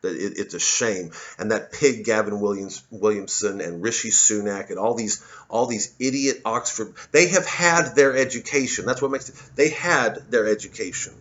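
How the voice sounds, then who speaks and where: Man vlogger, low voice, angry profane rant, stumbling restarts, muffled lo-fi sound. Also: normal speed, hardly any pauses, a bit bright. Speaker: political commentary vlogger. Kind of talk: ranting monologue to camera.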